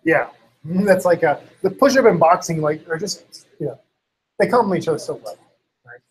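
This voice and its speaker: On a rough recording, a man with a highish voice and lively intonation talks at a moderate pace. It's casual, rambling chat thick with "like" and "you know," and he acts out quoted lines from others.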